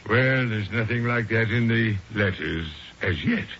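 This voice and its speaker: An actor playing a genial, absent-minded older gentleman in a radio drama, fussy and hesitant, on a dull old broadcast with hiss. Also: fairly low pitch, measured pace. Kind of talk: 1970s radio drama acting.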